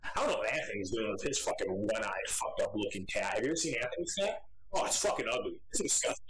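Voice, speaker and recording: A man's voice: lowish voice, fast, slight background noise, low-quality recording. A man co-hosting a podcast, telling stories in casual chat with lots of swearing. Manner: profane, animated storytelling. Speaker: podcast co-host.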